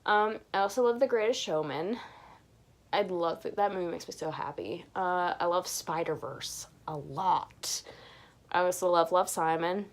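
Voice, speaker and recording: A woman's voice: lowish voice, normal speed. A young woman answering viewer questions in a casual chat, rambling and gushing, with frequent restarts. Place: home bedroom.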